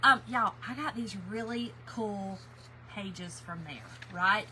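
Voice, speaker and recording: A woman's voice: a little high, takes it slowly, background noise. Chatty woman greeting viewers. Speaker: craft livestream host. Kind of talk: casual livestream chat.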